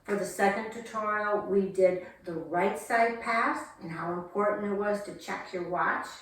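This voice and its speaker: A woman's voice: mid-range voice, moderate pace, fairly bright tone. Woman teaching dance in an echoey room. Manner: counting out steps in a sing-song rhythm. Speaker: dance instructor. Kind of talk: instructional dance tutorial. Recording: echoey room from far off, faint noise.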